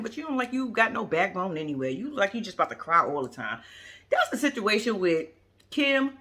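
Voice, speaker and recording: Sassy, profane woman with a bright voice. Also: mid-range voice. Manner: blunt, profane, sassy, talks straight to viewers; rambling, with self-interruptions. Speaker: vlogger reviewing a reality show. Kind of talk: casual unscripted commentary.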